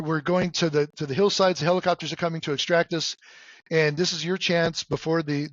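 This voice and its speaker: A middle-aged man hosting a podcast in casual chat, halting with many fillers and restarts, cracking jokes. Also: a little high, no room sound. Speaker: podcast host. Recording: dull dry lo-fi sound.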